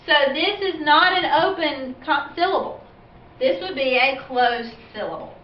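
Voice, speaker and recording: High-pitched woman teacher going slow thru a phonics lesson, echoey room, kinda dull far-off sound. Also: lively intonation, slight background noise. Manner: slow, patient, explains step by step with questions. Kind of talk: phonics lesson for parents and children. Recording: echoey, dull, distant from the mic.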